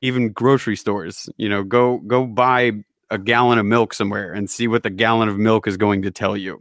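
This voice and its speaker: A man's voice: on the low side, no room sound. Rambling man in dry close sound. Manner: rambling, animated, quick to laugh at himself. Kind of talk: casual podcast chat.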